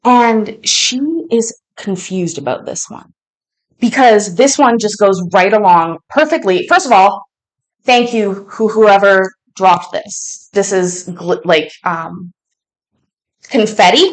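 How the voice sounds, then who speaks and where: A woman vlogging from home as she unboxes fan mail, gushing and quick to laugh. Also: mid-range voice. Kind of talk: casual unboxing chat.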